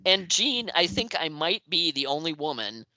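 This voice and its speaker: Woman guest spinning lively stories, very animated pitch, laughs often. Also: moderate pace, dry recording. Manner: lively storyteller who laughs through her stories. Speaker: interview guest, music journalist. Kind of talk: animated anecdote telling.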